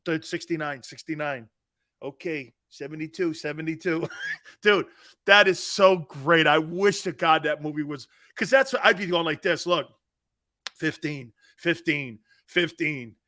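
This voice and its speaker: A middle-aged man hosts a sports talk show with a slightly raised pitch. He tells rowdy, profane football stories, laughing often and getting loud. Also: measured pace, no room sound, studio quality. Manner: loud, laughing, rowdy storyteller who swears. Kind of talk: animated sports talk storytelling.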